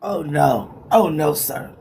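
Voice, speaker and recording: A woman calling in to a panel chat, with a raspy smoker's voice, talking frankly and holding back on private matters. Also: deep voice, lively intonation, slow pace, darkish tone, slight background noise. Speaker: panel caller. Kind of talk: casual chat.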